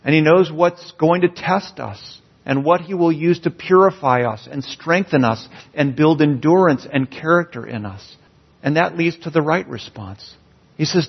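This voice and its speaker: Husky-voiced man preaching a sermon. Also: fairly high pitch, normal speed. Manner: earnest, building emphasis on key phrases. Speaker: pastor. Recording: dull, slightly lo-fi sound.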